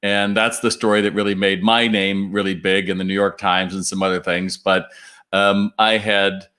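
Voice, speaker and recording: A man's voice: low voice, level tone, moderate pace, sharp tone, smooth. A man working as a retail consultant, speaking in a casual promotional video and telling stories with fillers and restarts. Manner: chatty storytelling with fillers and restarts.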